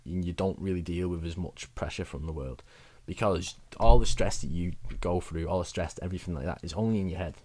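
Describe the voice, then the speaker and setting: A man's voice: sits low, fairly quick, hardly any pauses, a little mellow, husky. A young man giving rambling, chatty advice in a casual vlog, laughing at himself now and then. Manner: chatty, rambling, self-mocking with frequent laughs. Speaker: wellbeing vlogger.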